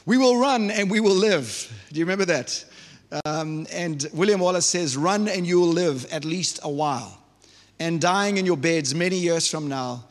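A man's voice: a little high, fairly bright tone. A man preaching a sermon as pastor, chatty and often asking the congregation questions. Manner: conversational, asks the congregation questions. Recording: reverberant church hall.

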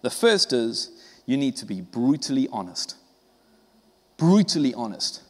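A man's voice: medium pitch, big pitch swings, measured pace, long reverb tail. A male pastor preaching a sermon, emphatic and conversational, often acting out short dialogues.

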